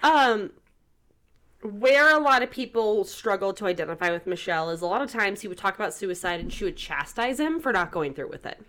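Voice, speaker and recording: A woman's voice: medium pitch, expressive, fairly quick, fairly bright tone. A woman co-hosting a casual talk podcast, speaking earnestly and reading text messages aloud in a plain voice. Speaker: podcast co-host.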